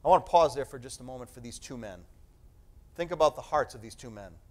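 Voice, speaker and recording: A male pastor preaching a sermon, reading scripture aloud with emphatic, dramatic stress and slowed-down key phrases. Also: mid-range voice, expressive.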